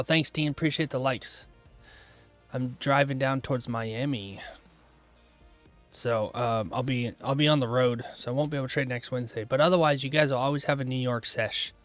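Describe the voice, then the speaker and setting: A man running a day-trading live stream, chatting casually and answering viewers' comments aloud, relaxed and quick to laugh. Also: mid-range voice. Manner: relaxed, laughs often, trails off mid-thought.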